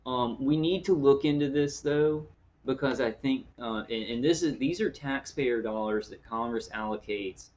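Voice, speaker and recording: A man's voice: medium pitch, normal speed, a little mellow, dull audio, a little hiss or hum. A man vlogging in an earnest, rambling monologue, often restarting his phrases. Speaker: video blogger.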